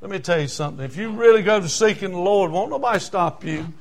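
Older man, high-pitched preacher, emphatic delivery that swings from loud outbursts to quiet asides. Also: lively intonation, quick pace. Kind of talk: sermon.

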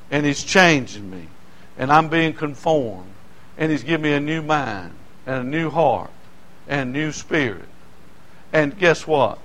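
An older man preaching a sermon, telling folksy stories in an animated way and breaking into shouts. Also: fairly high pitch. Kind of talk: sermon storytelling.

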